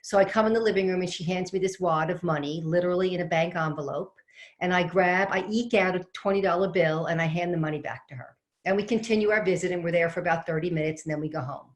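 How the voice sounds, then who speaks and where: Her voice is lowish and quick. Speaking from home with fresh flowers in the background, this middle-aged organizing coach leads a video-call webinar, sharing a chatty story and asking her audience questions.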